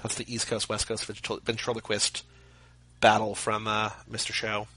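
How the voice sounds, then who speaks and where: A man's voice: fairly low pitch, completely flat delivery, moderate pace, sharp tone, slightly rough, no room sound, rough recording. A man co-hosting a podcast, chatting casually about movies with jokey, rambling asides. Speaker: podcast co-host. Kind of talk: casual movie commentary chat.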